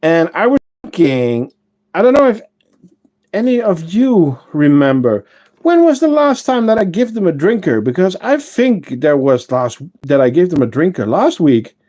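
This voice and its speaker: A man hosting a casual livestream, chatting with viewers and answering their comments, unhurried and full of fillers and self-corrections. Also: fairly high pitch, very animated, warm tone. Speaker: ant-keeping channel host and shop owner.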